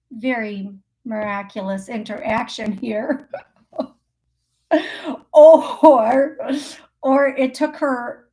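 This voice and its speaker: On her call-in show, a psychic medium with a fairly high, slightly mellow voice offers casual live readings. She rambles and chats, laughing frequently and leaning on fillers and self-corrections.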